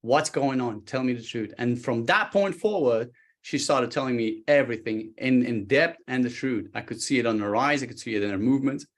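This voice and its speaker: A man, a guest expert on a talk show, explaining body language with lively stories, acting out quoted speech and often restarting his sentences. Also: medium pitch, fairly quick. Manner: animated, acts out quoted speech, frequent restarts.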